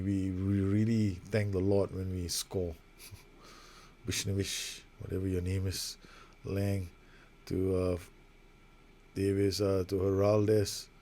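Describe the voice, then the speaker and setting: A man's voice: low voice, mellow. A man giving casual, rambling, self-mocking play-by-play commentary over a football management game he is playing. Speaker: gaming video host.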